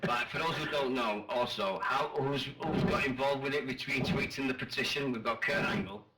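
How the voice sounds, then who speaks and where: A man's voice: mid-range voice, a little fast, pushed and bright. A man in his forties with a Northern English accent, hosting a chat radio show with boisterous, teasing banter and casual swearing. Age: 40s.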